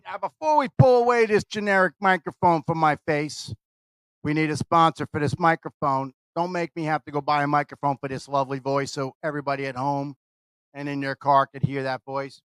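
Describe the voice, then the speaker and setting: A man hosting a radio show, energetic and teasing, rambling through live banter into a studio microphone. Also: a little high, moderate pace, clean tone.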